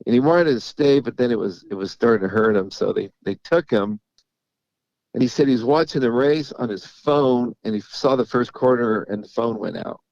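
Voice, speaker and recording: A middle-aged man with a gravelly, fry-tinged voice speaks in a casual interview. He halts and repeats words as he tells his stories, laughing now and then. The sound is dry and dull. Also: mid-range voice, expressive, normal speed, darkish tone, dry recording. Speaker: racehorse trainer. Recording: dull lo-fi audio.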